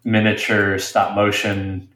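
A man's voice: fairly low pitch, monotone, slow, pushed and bright. A man co-hosting a movie podcast, reacting with unease in casual talk, sometimes hesitant. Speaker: podcast co-host. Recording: roomy echo.

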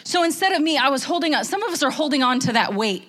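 A woman's voice: high voice, lively intonation, fast talker, fairly bright tone. A middle-aged woman giving a candid, emotional church testimony, rambling with restarts. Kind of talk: testimony sermon.

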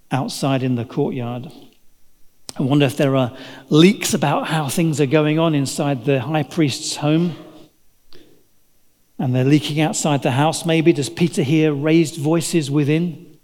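A man's voice: a little high, a little mellow. A man preaching a sermon, telling the story dramatically and acting out the voices of its characters. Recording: long hall reverb.

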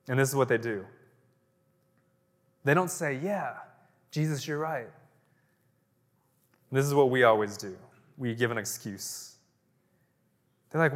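An animated man preaches a casual sermon, jumping between voices and breaking into laughter. His mid-range voice carries a long reverb, as if from a church hall. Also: medium pitch, a little slow, pauses often. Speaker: pastor. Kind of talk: conversational sermon.

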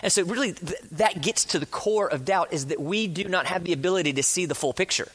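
A man preaching a sermon, earnest, shifting between quick bursts and slow hushed emphasis. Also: high-pitched, breathy edge. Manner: earnest, speeds up and slows down, drops to a hush for emphasis; acts out quoted speakers with rising passion. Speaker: pastor.

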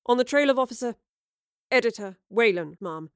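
A dutiful female enforcer officer, acted by a woman who speaks in crisp, formal military reports. Her voice is lifted higher than the narrator's plain tone. The storybook recording is dry and close. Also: expressive, moderate pace, fairly bright tone, no echo.

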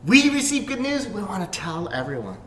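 A man pastor preaching a sermon to a camera, swinging from hushed whispers to sudden shouts. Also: sits high, very animated, a little fast. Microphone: facing a camera. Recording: echoey hall, faint room noise.

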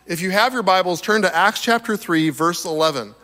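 A slightly hoarse man with a high voice delivers an animated sermon, chuckling between his points. His voice rings with the long reverb of a large hall. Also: fairly quick. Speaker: preacher.

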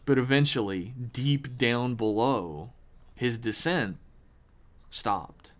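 Man narrating a horror tale. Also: medium pitch. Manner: dramatic, measured storytelling with pauses. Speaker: podcast host and storyteller. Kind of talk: reading a horror story aloud.

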